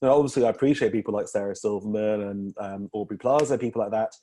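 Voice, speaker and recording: A man's voice: on the low side, fast, warm tone. Rambling man, comedian guest. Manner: rambling, filler-heavy, laughs often. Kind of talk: casual podcast interview.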